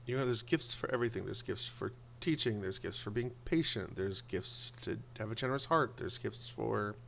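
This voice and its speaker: A man telling personal stories in a casual monologue, animated and acting out the voices of people he quotes. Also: on the low side, moderate pace, vocal fry, slight background noise. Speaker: video blogger.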